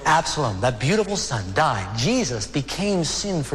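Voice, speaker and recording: A man preaching a sermon as pastor, earnest, with dramatic slowdowns on key words. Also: fairly high pitch, sing-song, a bit bright. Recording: hall reverb with faint ambient noise.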